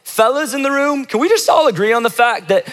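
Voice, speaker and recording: Animated and fairly quick, a young man with a very high-pitched, somewhat bright voice preaches to his church. As the service's pastor, he spins a funny story casually, acting out the quotes, and the hall's reverb rings long.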